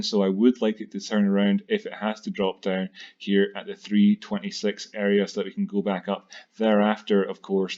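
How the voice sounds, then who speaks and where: Fast-talking man, low flat voice. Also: lo-fi sound. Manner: fast-talking, with many fillers and self-corrections. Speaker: crypto chart analyst, channel host. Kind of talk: screen-share technical analysis commentary.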